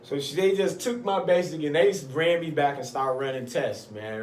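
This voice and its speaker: A man telling a personal story in casual talk, animated and acting out other people's voices. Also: a little high, normal speed, slight background noise. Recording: echoey room, mic at a distance.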